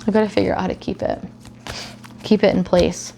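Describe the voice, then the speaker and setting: Woman, gravelly, casual tarot reading, chatty and profane, young adult. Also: medium pitch, fairly even intonation, fairly quick, dark tone, a little hiss or hum. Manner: chatty, swears freely, acts out silly quoted scenarios. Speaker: tarot reader.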